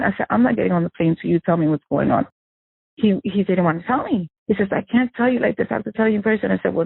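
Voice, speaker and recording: Gravelly husky woman on a phone line. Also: mid-range voice, no room sound. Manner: halting, distressed retelling with many restarts. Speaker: victim's sister recounting events. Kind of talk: emotional personal interview. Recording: narrow phone-line audio, dry.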